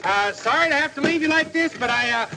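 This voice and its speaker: An actor playing a jolly traveling spectacles salesman with a folksy fast patter, in a 1940s western film. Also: lively intonation, background noise. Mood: cheery. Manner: folksy fast-patter sales pitch, sings comic jingles. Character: jolly male huckster hawking spectacles, folksy and joking.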